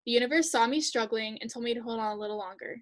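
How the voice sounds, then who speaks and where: A teenage girl on a video call reading her heartfelt written tribute aloud in an earnest, measured way, her endings trailing off softly. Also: on the high side. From United States. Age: teens.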